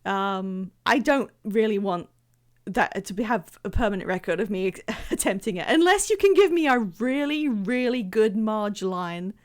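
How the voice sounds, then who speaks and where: A woman's voice: medium pitch, animated, moderate pace. A woman streaming a game live, chatting casually with viewers, laughing often and poking fun at herself. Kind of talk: casual livestream chat.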